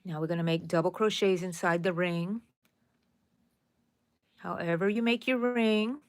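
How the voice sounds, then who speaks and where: A woman's voice: lowish voice, steady tone, measured pace, no echo. A woman hosting a casual crochet tutorial, chatting to viewers and counting her stitches aloud.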